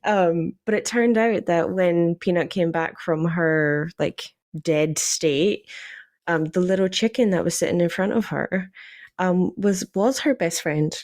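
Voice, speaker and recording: Animated Scottish woman telling stories. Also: lowish voice, unhurried. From Scotland. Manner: animated, laughs often, many fillers. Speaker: podcast guest, D&D player. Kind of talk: casual chat, storytelling.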